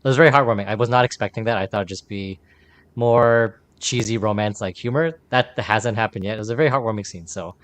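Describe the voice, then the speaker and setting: Man in halting casual chat. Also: on the low side, dry recording. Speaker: podcast co-host.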